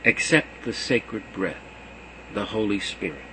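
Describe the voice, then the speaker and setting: A man reading the lines of a calm, gentle male teacher in a measured way. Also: lowish voice, a little hiss or hum. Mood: solemn.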